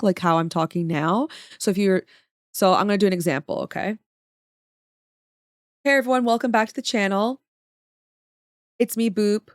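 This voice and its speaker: A woman's voice: medium pitch, dry recording, clean studio sound. Chatty, playful woman streamer. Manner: chatty, playful, mock-dramatic. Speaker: streamer and artist. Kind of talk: casual livestream chat.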